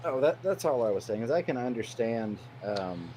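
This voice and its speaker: A man's voice: mid-range voice, animated, moderate pace, warm tone, a little hiss or hum, rough recording. A man talking as a stream guest, in long-winded, earnest casual chat.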